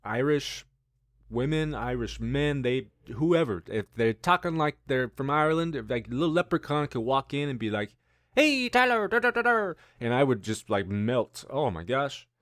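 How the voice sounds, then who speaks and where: A man's voice: mid-range voice, normal speed, dry recording, clean studio sound. A man in his thirties hosting a casual news-commentary show, rambling and musing with self-deprecating asides. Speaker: host.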